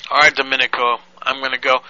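A man's voice: mid-range voice, flat delivery, fast, lo-fi sound, heavy background noise. A man hosting a live web call-in show, chatting casually and rambling with fillers and restarts. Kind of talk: casual chat.

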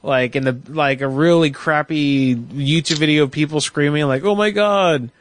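A man hosting a late-night internet radio show, rambling with many halting restarts. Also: fairly high pitch, steady tone.

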